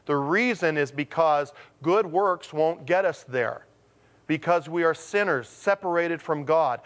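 A man preaching a sermon as a pastor, telling stories with lively acted-out quotes and slowing down to stress his main points. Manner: animated storytelling, acts out quotes with sudden pitch jumps; slows to a deliberate, emphatic delivery on key points.

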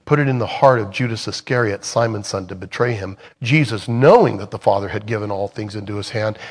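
In a large hall, a middle-aged songwriter and Bible study teacher with a lowish voice leads his group. He chats earnestly before reading scripture aloud, frequently restarting and fixing his words as he goes.

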